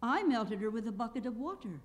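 A woman's voice: a little high, big pitch swings, brisk, in a large hall. Woman doing an earnest young girl. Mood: insistent. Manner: earnest, insistent.

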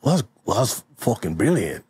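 A man's voice: on the low side, sing-song, moderate pace, darkish tone, husky, heavily acted. A man putting on a foul-mouthed pipe-loving plumber with a wobbly Brooklyn-London accent. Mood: incredulous. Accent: wobbly put-on mix of Brooklyn and London. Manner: swears constantly, mumbling and laughing. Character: crude 1800s male pipe-fitter, gruff and easily impressed. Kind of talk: improvised comedy role-play.

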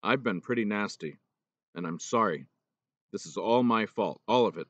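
A man voicing a gruff, remorseful older male teacher in a storybook reading, talking plainly and low. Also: moderate pace, fairly bright tone, dry recording, highs cut off.

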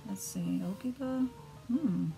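A woman's voice: mid-range voice, slow, gravelly, warm tone. Woman, casual co-host, giggly, reads card text aloud, faint music under. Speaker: co-host opening card packs. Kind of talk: casual chat.

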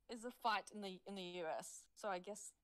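A woman's voice: medium pitch, steady tone, normal speed, a bit bright, rough recording. An Australian woman co-hosting a casual live stream, easygoing and teasing, laughing along. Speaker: co-host.

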